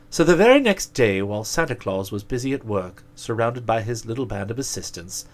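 A man narrating a storybook aloud in a measured, expressive way. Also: on the low side.

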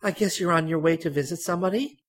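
A man voicing a chatty, fussy older woman, raising his pitch and drawing the words out slowly. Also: lightly acted. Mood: prim, chatty.

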